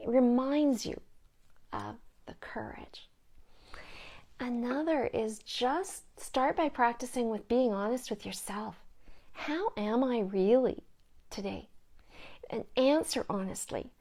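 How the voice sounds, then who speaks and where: A middle-aged grief support counselor gives a gentle talk about coping with grief. Her mid-range voice is soft-spoken and often sinks to a hushed whisper.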